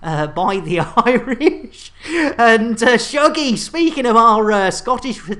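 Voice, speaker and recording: A British woman from the United Kingdom hosts a gaming livestream, speaking slowly in a slightly high, a bit bright voice with lively intonation. She chats and jokes with her audience, laughs often, and repeats catchphrases.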